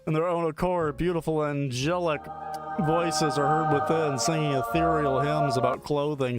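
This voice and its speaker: A man's voice: a little high, steady tone, unhurried, over music. A male streamer playfully reading a text adventure game aloud, often laughing.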